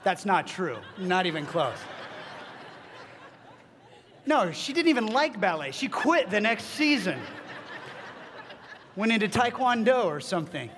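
A middle-aged man preaching a sermon, telling a family story with halting restarts and joking asides. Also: high voice. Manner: animated storytelling with self-deprecating asides. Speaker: pastor. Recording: long reverb of a large hall.

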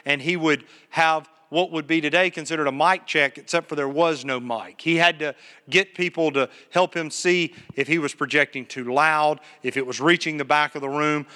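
A pastor preaches live in a church sanctuary, his fairly high, pushed, bright voice carried by a PA microphone and trailing a long reverb. He tells stories earnestly and puts questions to his congregation.

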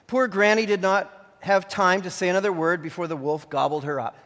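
A male pastor preaches with earnest warnings and also narrates a storybook tale. His voice sits fairly high. A long hall reverb follows every phrase. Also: fairly even intonation, fairly quick, a bit bright. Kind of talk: sermon.

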